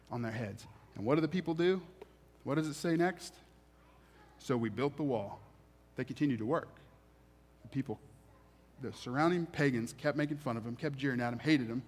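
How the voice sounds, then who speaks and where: A man's voice: medium pitch, moderate pace, long pauses. A man preaching a sermon, reading scripture aloud and then explaining it in a conversational way with emphatic repetition. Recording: reverberant hall.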